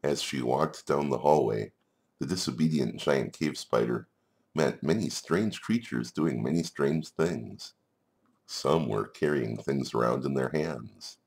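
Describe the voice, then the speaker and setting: A man's voice: a bass voice, lively intonation, unhurried, gravelly, a little mellow. A man narrating a game like a storybook, playful, with chuckling asides. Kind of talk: storybook narration over gameplay.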